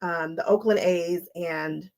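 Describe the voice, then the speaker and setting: This woman's voice sits fairly low, with a steady, slightly mellow tone and a slow pace. She hosts a quilting live stream from her home sewing space, cutting fabric as she chats casually, laughs often, and drifts off on tangents.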